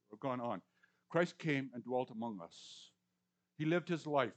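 A man in his sixties preaching a conversational sermon, repeating words for emphasis and swinging between loud and hushed lines. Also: medium pitch. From Canadian or US prairies. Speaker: pastor.

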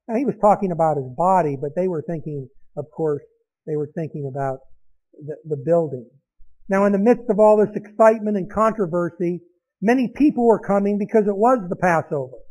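High-voiced man preaching a sermon. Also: darkish tone, rough recording. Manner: conversational, explaining scripture with asides.

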